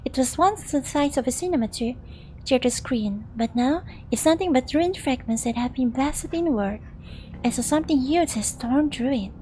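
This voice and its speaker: A woman's voice: sits high, lively intonation, moderate pace, dark tone, slight background noise, rough recording. A young woman streamer with a Singaporean English accent, reading game narration aloud and chatting between lines. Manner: chatty, reads narration then asides to chat. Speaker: VTuber streamer.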